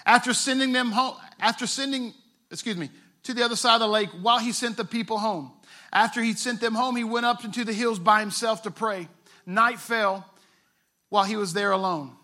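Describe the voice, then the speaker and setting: Bright-voiced, high-pitched male pastor preaching. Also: steady tone, a little fast. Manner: conversational, retells scripture with playful asides. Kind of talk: sermon.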